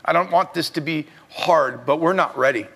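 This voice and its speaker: A middle-aged male pastor preaching a sermon, swinging between loud urging and quiet, confessional talk. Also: on the high side, normal speed.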